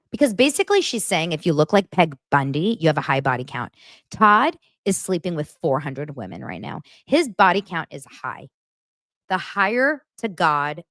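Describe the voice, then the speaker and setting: A woman's voice: on the low side, fairly bright tone, no room sound, studio quality. A woman hosting a casual, gossipy reality TV recap, talking animatedly and swearing casually. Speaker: host.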